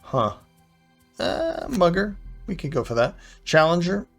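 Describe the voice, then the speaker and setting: A man's voice: high-pitched, big pitch swings, vocal fry, fairly bright tone, faint music behind. A man playing a video game and talking through his choices, hesitant and full of small restarts and fillers. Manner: hesitant, fills pauses with "uh". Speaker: game commentator. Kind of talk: thinking-aloud gameplay commentary.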